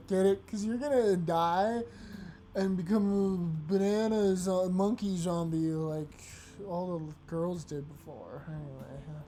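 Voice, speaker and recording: A woman's voice: fairly low pitch, dark tone. A woman casually commenting as she plays a visual novel, chatty and jokey, often laughing at herself. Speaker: let's play host. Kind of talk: casual gameplay commentary and reading aloud.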